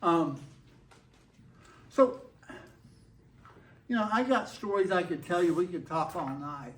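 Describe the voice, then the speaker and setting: A man's voice: high voice, expressive, takes it slowly, a bit bright. An older man with a Texan accent, telling a folksy story to a live audience in a laid-back, whimsical way. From Texas. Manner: laid-back, folksy, acts out quoted dialogue. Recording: roomy hall echo.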